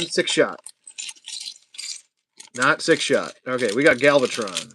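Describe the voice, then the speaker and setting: A man's voice: fairly low pitch, animated, takes it slowly, pauses often, background noise. Chatty man building toys on a livestream. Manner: chatty, jokey, talks to himself while building; hushed whispering at times. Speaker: toy collector host. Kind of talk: casual livestream toy build.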